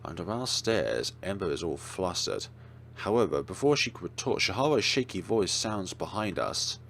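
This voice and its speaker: A man's voice: sits low, sing-song, normal speed, vocal fry, fairly bright tone, slight background noise. A man hosting a let's play, reading a horror visual novel aloud with dramatic storytelling and wry asides.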